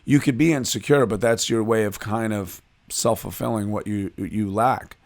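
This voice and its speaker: Man from Chicago, animated, self-deprecating comedian, podcast interview guest. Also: on the low side, moderate pace. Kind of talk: casual interview chat.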